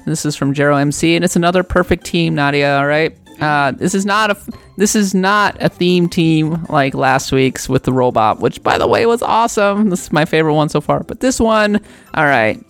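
A woman from Minnesota co-hosting a casual podcast, reading out a listener letter with lively enthusiasm. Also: deep voice, normal speed, faint music behind. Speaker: podcast co-host.

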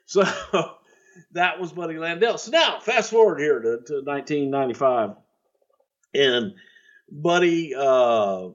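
A man's voice: on the high side, lively intonation, unhurried, dull audio. A middle-aged man co-hosting a podcast, telling rambling, profane stories and laughing through his anecdotes. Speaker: podcast co-host, former wrestling executive. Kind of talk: casual storytelling.

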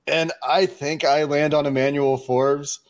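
Analytical podcast co-host, rambling lists. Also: male voice, fairly high pitch, flat delivery, unhurried. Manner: analytical, long run-on lists, frequent restarts. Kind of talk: casual sports podcast chat.

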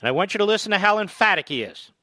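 A man's voice: sits high, sing-song, rapid-fire, bright, forceful tone, no room sound. A man hosting a political talk radio show, emphatic and indignant, hammering points home by repeating them.

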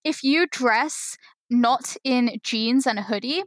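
A woman's voice: on the high side, takes it slowly, no echo. A young British woman with a British accent, chatting casually as a podcast guest and laughing often. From United Kingdom. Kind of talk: casual chat.

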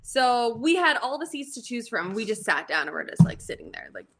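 A young woman guest on a podcast, retelling a trip in lively casual chat and acting out the story. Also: fairly high pitch, brisk.

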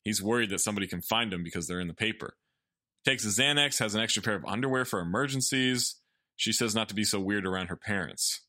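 A man's voice: lowish voice, fast talker, bright, forceful tone, dry recording, clean studio sound. A man hosting a casual podcast, recapping a movie's plot and swearing freely, with laughs between jokes. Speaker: podcast host recapping a film. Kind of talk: casual chat.

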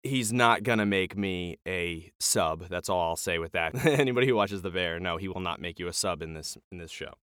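A man's voice: deep voice, moderate pace, hardly any pauses, clean tone, dry recording, clean studio sound. A man co-hosting a podcast, retelling a TV episode in casual chat and acting out the lines as he goes. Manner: animated retelling with acted-out quotes. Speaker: podcast co-host.

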